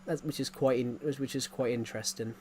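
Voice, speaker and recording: A man's voice: mid-range voice, steady tone, fairly quick, a little mellow, slight background noise. A man, chatting casually on a game live stream, rambling and repeating himself with frequent chuckles.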